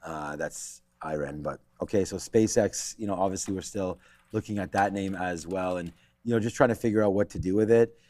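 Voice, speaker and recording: A man's voice: deep voice, brisk, a little mellow, no room sound. A man co-hosting a live stock market show, rambling and thinking aloud as he checks stock charts. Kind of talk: live trading commentary.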